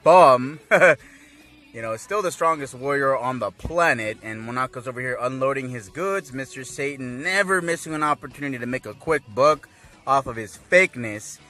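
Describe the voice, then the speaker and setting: A man giving a casual, rambling recap of an anime episode, laughing often and acting out characters' lines in excited voices. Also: mid-range voice, moderate pace, faint music behind. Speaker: anime reviewer.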